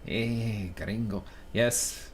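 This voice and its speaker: A man's voice: on the low side, steady tone, very slow, a little hiss or hum. A man chatting casually on a live stream while he programs, thinking aloud, joking at his own expense and switching between English and Italian. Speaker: live streamer coding on air.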